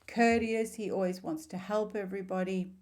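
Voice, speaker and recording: A middle-aged woman with a soft, mellow tone speaks casually to camera about spiritual growth. Her delivery is heartfelt and meandering, full of asides. Her pitch sits in an ordinary middle range for a woman. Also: steady tone, moderate pace. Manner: heartfelt, rambling storytelling with warm asides. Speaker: spiritual vlogger.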